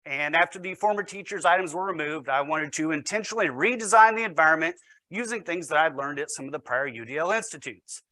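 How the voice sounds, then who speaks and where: Man, teacher presenting, storytelling, wry self-deprecating humor, slightly higher voice. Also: fast talker, bright, forceful tone, no room sound.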